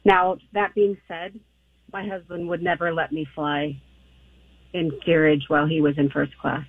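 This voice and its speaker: A woman's voice: low-pitched, little pitch movement, a little slow, husky, dry recording. Phone-in caller, woman, emphatic, phone-line sound. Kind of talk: phone-in call.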